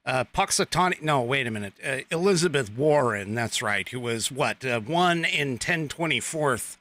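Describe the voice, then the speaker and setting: A man's voice: medium pitch, expressive, moderate pace, sharp tone. A man hosting a political commentary podcast in a casual, rambling way, full of fillers, restarts and sarcastic asides. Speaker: podcast host.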